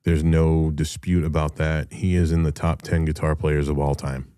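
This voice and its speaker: Middle-aged man, very deep and dark voice, dry sound, blunt and profane solo talk. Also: flat delivery, moderate pace, smooth, dry recording. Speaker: show host and rock musician. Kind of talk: casual solo monologue.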